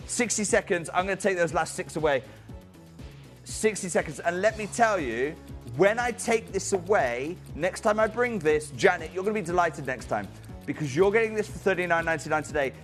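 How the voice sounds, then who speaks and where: A slightly high-voiced man hosts a live TV shopping sale in a studio. He pushes hard and urgently, naming viewers one after another. Faint music plays underneath. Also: lively intonation, moderate pace. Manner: urgent, persuasive, addresses viewers by name. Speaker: shopping channel presenter. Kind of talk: fast live sales pitch.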